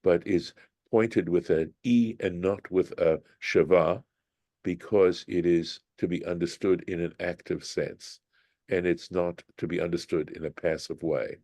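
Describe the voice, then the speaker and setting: A man leading a Bible study class, explaining Hebrew grammar slowly and thinking aloud with frequent restarts. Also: sits low, steady tone, dark tone, no room sound.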